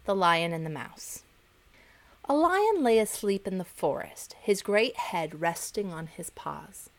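A woman hosting a podcast, reading fables to children in a gentle, expressive storytelling voice. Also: fairly low pitch, slow pace. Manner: expressive, gentle, varied intonation. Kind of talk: storytelling narration for kids.

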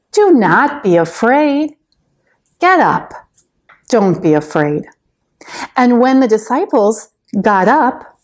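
A woman tells a Bible story to young children at a slow, patient pace. Her voice sits a little high and stays gentle and expressive, and she often stops to invite the children to join in.

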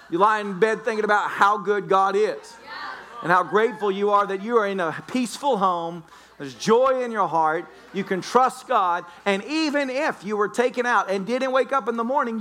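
A man preaching a lively sermon as pastor, laughing often and breaking into shouts. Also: sits high. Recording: church sermon recording.

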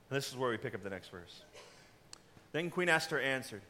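A man pastor delivering a sermon in an animated storytelling way, acting out the characters. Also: medium pitch, a little fast, pauses often.

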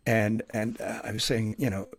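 Audiobook narrator guy just chatting, kinda low voice, lots of ums, dry close sound. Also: normal speed, gravelly, no echo. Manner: relaxed and chatty, with many fillers. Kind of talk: casual interview talk.

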